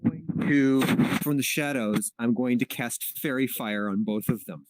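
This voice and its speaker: A man's voice: mid-range voice, measured pace, no room sound, poor audio. A man taking his turn as a player in a tabletop game, hesitant and polite, talking in stop-start phrases. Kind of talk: casual tabletop play.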